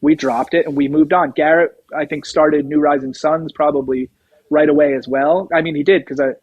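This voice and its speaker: Middle-aged male guest, rambling storyteller, slightly high voice, dry close mic. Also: steady tone, normal speed, breathy edge, no room sound, dull audio. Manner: rambling anecdotes, acts out quoted dialogue. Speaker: guest musician, drummer. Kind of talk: casual storytelling interview.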